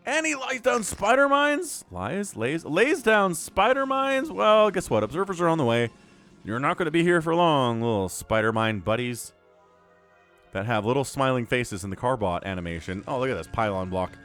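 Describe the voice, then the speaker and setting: A man's voice: medium pitch, fairly bright tone. A man casting a strategy game match solo, chatty and rambling with jokey asides. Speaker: esports caster. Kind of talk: solo play-by-play game commentary.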